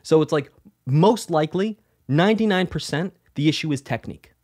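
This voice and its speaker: A man's voice: a little high, fairly quick. A man teaching music in a live question-and-answer lesson, talking energetically, repeating himself and telling stories. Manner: energetic, repeats phrases, animated storytelling.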